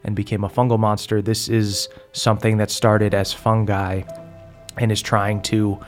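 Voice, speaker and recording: A man narrating a tabletop game as game master, halting with frequent ums. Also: on the low side, little pitch movement, soft background music. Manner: halting, full of ums and uhs.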